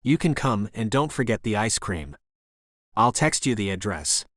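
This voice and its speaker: A man's voice: on the low side, very animated, moderate pace, a bit bright, no room sound, studio quality. A man voicing a nervous young woman in an audiobook, playful but keeping her distance. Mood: guarded.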